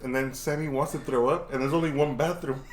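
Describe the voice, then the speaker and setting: A man's voice: medium pitch, steady tone, brisk, a little hiss or hum. A young man co-hosting a podcast, chatting casually and breaking into laughter mid-story. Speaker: podcast co-host. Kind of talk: casual chat.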